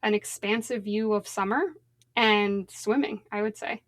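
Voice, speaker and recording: A woman's voice: mid-range voice, flat delivery, measured pace, no room sound. Thoughtful woman journalist, dry close sound. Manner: thoughtful, with frequent "um" and "like". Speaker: guest journalist. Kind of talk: conversational interview.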